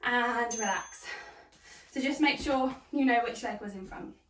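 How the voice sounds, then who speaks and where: Winded woman coaching a workout, high voice, sounds far off in a roomy space. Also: a little fast. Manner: encouraging, counts down reps. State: out of breath. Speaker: fitness instructor. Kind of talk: workout instruction.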